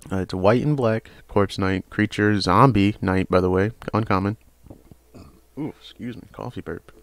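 A young man casually reviewing trading cards, rambling with frequent hesitations and sudden bursts of excitement. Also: low voice, vocal fry, dry recording. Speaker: card game channel host.

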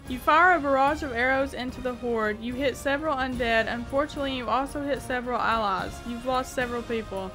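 A high, bright female voice reads out a text adventure and breaks off to react, laughing often and swearing in disbelief. Her tone is sharp and her pitch sits well above most women's. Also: fast, few pauses, faint music behind. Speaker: gaming YouTuber.

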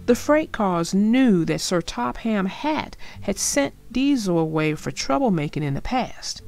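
A woman reading a children's story aloud with an expressive, gentle storybook delivery. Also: medium pitch, a little slow, gravelly.

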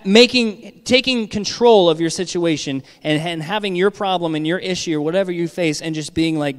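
A man's voice: a little high, smooth, long reverb tail. A man giving a sermon as pastor, talking conversationally and checking in with the congregation with frequent "all right?".

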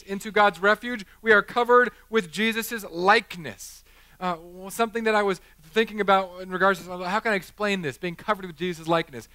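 Man, pastor, sermon, earnest yet chatty storytelling, high pitch, dry close sound. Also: pushed and bright, no echo. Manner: earnest preaching mixed with casual storytelling. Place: church.

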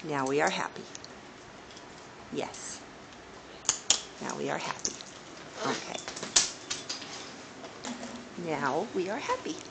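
A woman's voice: deep voice, lively intonation, takes it slowly, creaky, pauses often. A woman filming her parrots at home, coaxing them in a sing-song voice. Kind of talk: casual home video, talking to pets. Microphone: phone camera. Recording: phone recording with loud background noise.

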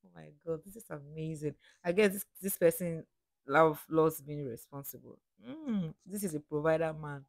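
A woman's voice: sits low, creaky, dry recording. A young woman from Africa reading comments aloud and chatting about them in a reflective, casual way. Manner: chatty, reflective, reads quotes slowly then comments. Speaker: reaction video host.

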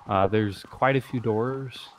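A young man talking quietly and casually during a crime roleplay game, laughing easily. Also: lowish voice, slow pace, a little hiss or hum. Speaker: roleplay partner. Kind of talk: casual in-character game chat.

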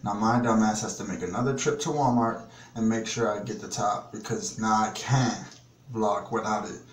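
A man's voice: lowish voice, fairly even intonation, normal speed. A man ranting in a casual product review vlog, profane and exasperated, rambling as he talks. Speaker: vlogger. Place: small home bathroom. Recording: echoey bathroom with background noise.

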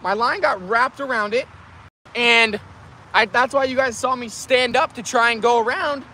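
High bright voiced guy vlogging while fishing outside, chatty and excitable, faint traffic noise around. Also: moderate pace. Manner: chatty, excitable, talks to viewers. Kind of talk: casual outdoor vlog commentary. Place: outdoors by a canal.

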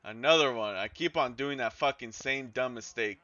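A man commentating his own football video game as he plays, excitable and swearing, yelling at his players and groaning at their mistakes. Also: mid-range voice, normal speed, no echo, highs cut off. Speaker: gaming YouTuber. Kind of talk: live gameplay commentary.

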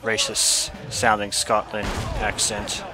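Bright-voiced excitable gaming commentator man. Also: on the low side, slow pace. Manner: chatty and excitable, laughs often. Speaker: gameplay commentator. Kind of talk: casual let's-play commentary.

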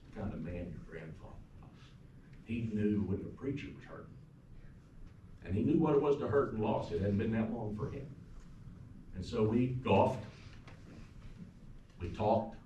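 A pastor with a fairly low voice, delivering a eulogy in a funeral home chapel. He tells stories about the man who died and sometimes drops to a soft, quiet tone. The sound is roomy and picked up from a distance. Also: lo-fi sound, slight background noise. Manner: storytelling, warm anecdotes, turns soft and quiet at times. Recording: echoey room from far off.

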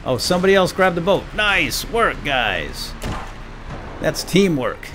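A man giving casual, excitable gameplay commentary, joking with his teammates as he plays. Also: on the high side, a little slow, background noise. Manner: excitable, jokey, talks to teammates. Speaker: let's play gamer. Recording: game music behind voice.

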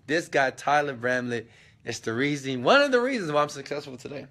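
A man's voice: mid-range voice, lively intonation, normal speed, fairly bright tone. A man chatting loosely on a live stream from a hotel suite, hyping his business coaching and filming with a phone at arm's length. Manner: loose and chatty, hype-driven. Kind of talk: casual live-stream chat.

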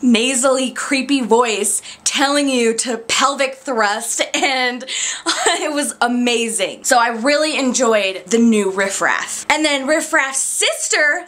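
Young female vlogger, slightly high, animated and gushing, casual review delivery. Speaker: YouTube reviewer. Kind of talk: casual chat.

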